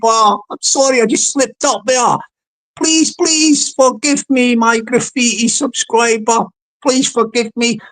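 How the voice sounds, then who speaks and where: A woman's voice: a little high, poor audio. A woman hosting a livestream, talking in a rambling, playful, sing-song way that often repeats itself. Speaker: livestream host. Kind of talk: rambling casual livestream monologue.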